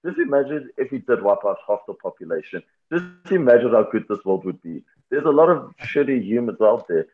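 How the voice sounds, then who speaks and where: A guest MMA fighter talks fairly quickly, with big pitch swings from a medium voice and hardly any pauses. The casual interview finds him candid, reflective and laughing easily, and the line sounds tinny and phone-like.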